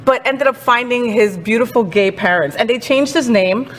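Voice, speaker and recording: A woman's voice: on the high side, moderate pace, big-room sound. A woman hosting a casual entertainment news chat, sassy and outspoken. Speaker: host.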